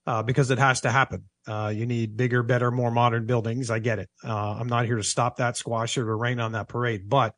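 Brief: male sports broadcaster, earnest and reflective, mid pitch, dry close mic. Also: level tone, fairly quick, hardly any pauses, a bit bright, no room sound. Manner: thoughtful, earnest, repeats for emphasis. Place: office.

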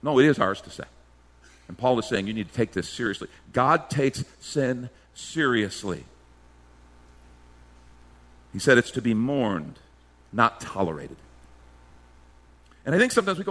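A man's voice: mid-range voice, sing-song, moderate pace, pauses often, sharp tone. A male pastor preaching a sermon emphatically, firing off rhetorical questions and slipping into mimicked voices.

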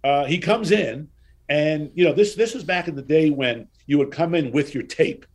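A man in his sixties, a guest in an interview, telling anecdotes in a casual, animated way and acting out the dialogue. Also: on the high side, normal speed.

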